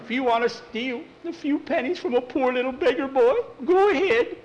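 A man voicing a self-pitying, dramatic young boy who wails and pleads in a high, strained voice. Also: lively intonation, moderate pace, fairly bright tone, dull audio, a little hiss or hum. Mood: pleading. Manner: wailing, self-pitying, theatrical. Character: whiny, dramatic young boy prone to gambling.

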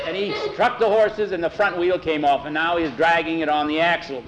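A man tells a spoken story with lively delivery and slips into character voices. His voice sits a touch high, and faint ambience hums behind him. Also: fairly quick, hardly any pauses, slight background noise, low-quality recording.

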